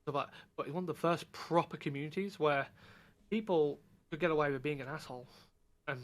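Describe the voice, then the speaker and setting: Brief: man, 30s, podcast guest, quick and animated, voice a touch high. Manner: animated storytelling, acts out quoted voices. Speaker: podcast guest, content creator. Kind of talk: casual chat.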